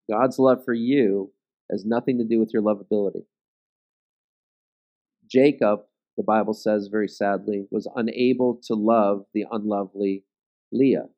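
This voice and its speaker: A man's voice: medium pitch, lo-fi sound. Man teaching a Bible study. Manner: conversational, checks in with "okay?".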